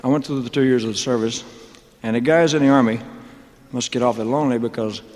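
Talking fast in a medium, darkish voice, a man spins a meandering onstage monologue about his career, full of jokes, drawl and side remarks. The big venue's audience laughs along, and the concert recording carries long reverb and slight noise.

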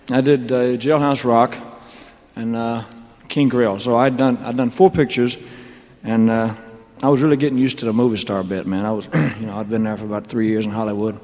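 On a big stage, a man with a medium-pitched, slightly dark voice rambles through his career story, drawling and joking with plenty of asides while the audience laughs. It's a live concert recording with long hall reverb and a faint layer of noise.

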